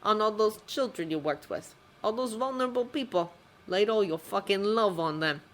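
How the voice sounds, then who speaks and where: A woman's voice: medium pitch, normal speed, pitched above the performer's own voice, close to an everyday voice. A woman playing a menacing, mocking vigilante. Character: menacing vigilante cabbie, young man, cold and cruel.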